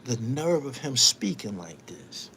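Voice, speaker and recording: A man's voice: medium pitch, sing-song, a little slow, noisy background. A man hosting his own online show, delivering a heated live-stream monologue, emphatic and repetitive, scolding someone and invoking his faith.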